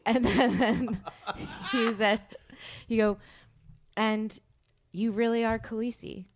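A woman's voice: on the high side, steady tone, slow pace, background noise. A young woman hosting a podcast, chatting casually and giggling as she rambles through a story. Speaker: podcast host. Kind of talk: casual chat.

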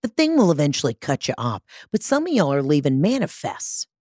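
A woman in her thirties hosts a comedy podcast, brash and profane, rambling and self-deprecating. Her voice is lower than most women's and swings widely in pitch. It sounds close and dry in the studio mic. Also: wildly swooping pitch, a little fast, a little mellow, no echo. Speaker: podcast host. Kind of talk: casual comedic monologue. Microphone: studio mic with large headphones.

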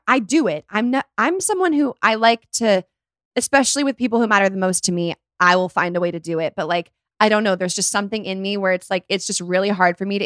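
A woman's voice: medium pitch, dry recording, studio quality. A young adult woman hosting a podcast in casual chat, telling stories with lots of acted-out quotes. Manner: animated storyteller who acts out quotes. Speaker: podcast host.

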